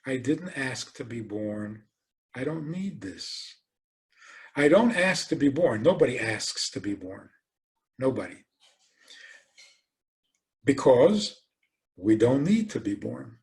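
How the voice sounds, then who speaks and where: A rabbi giving a lecture, telling stories animatedly and asking rhetorical questions. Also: male voice, mid-range voice, takes it slowly, long pauses. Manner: animated storytelling, acts out quoted voices.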